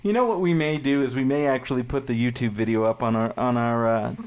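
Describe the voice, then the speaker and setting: Slow-talking man podcast host. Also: mid-range voice, clean tone. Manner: slow, drawn-out build-ups, folksy asides to listeners. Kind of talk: casual comedic podcast chat.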